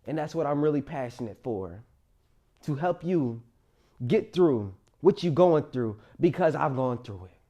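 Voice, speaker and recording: A man's voice: fairly high pitch, animated, a little slow, dark tone. A young man in college tells his own life story to camera in an earnest, emphatic, motivational way. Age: young adult.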